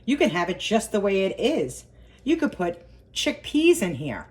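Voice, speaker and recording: A woman's voice: medium pitch, wildly swooping pitch, moderate pace, a little mellow. A woman hosting a casual cooking vlog, homey and talkative, repeating herself and humming as she tastes. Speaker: cooking vlogger.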